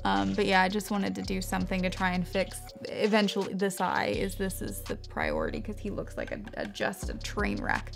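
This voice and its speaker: A beauty vlogger with a mid-range, expressive voice and some vocal fry chats casually through a story while doing her makeup, at a normal speed with few pauses. She's rambling and chatty, wanders into tangents, cuts herself off, and swears freely. Soft music plays in the background.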